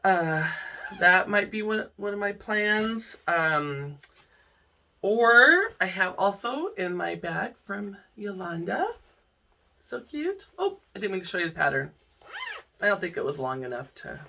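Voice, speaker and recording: A middle-aged woman talks through her stitching projects in an unhurried, rambling way, with frequent small laughs. Her voice is bright and clear, picked up from a little distance. She sounds relaxed and chatty. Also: mid-range voice. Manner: chatty, rambling, emotional at times, laughs often. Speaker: cross-stitch vlogger. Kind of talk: casual chat to camera. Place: home room.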